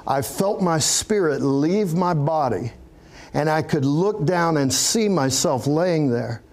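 A pastor gives an earnest testimony during an interview, speaking at an unhurried, deliberate pace with small chuckles sprinkled in. His voice is somewhat high and a little mellow, with lively intonation.

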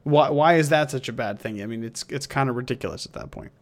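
Animated, opinionated podcast co-host man. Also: mid-range voice, fast. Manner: animated, opinionated, repeats words. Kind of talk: casual chat.

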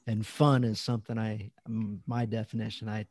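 A man who coaches fathers, talking as a podcast guest in a relaxed, conversational way. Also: on the low side, normal speed, no room sound. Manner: relaxed, conversational, laughs between stories. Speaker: parenting coach and author, guest. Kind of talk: casual interview chat.

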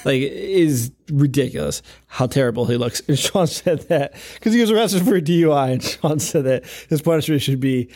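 Lively, sarcastic male podcast co-host. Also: fairly high pitch, fairly quick, hardly any pauses. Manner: sarcastic, laughing, swears. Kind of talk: casual movie chat.

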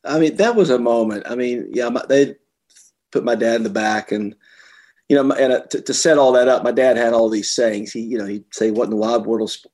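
A middle-aged man, an author being interviewed, telling personal stories earnestly and getting animated when he quotes others. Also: medium pitch, fairly quick. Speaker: author and guest. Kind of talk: conversational interview.

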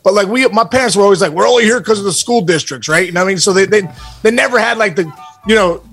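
A man's voice: sits high, quick pace, breathy edge, soft background music. A man co-hosting a podcast, telling a childhood story in casual chat and acting out the voices of the people in it. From Pittsburgh area, USA. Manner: animated storyteller who acts out quoted voices. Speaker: podcast co-host.

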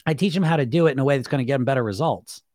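A man's voice: medium pitch, racing, darkish tone, dry recording, clean studio sound. A man coaching viewers on weight loss through self-hypnosis in a blunt, emphatic monologue, swearing casually and asking rhetorical questions.

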